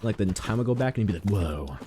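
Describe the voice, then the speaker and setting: A man's voice: mid-range voice, fairly even intonation, racing, noisy background. A young man chatting casually while he streams a game, rambling and mocking his own mistakes. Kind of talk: casual gameplay commentary.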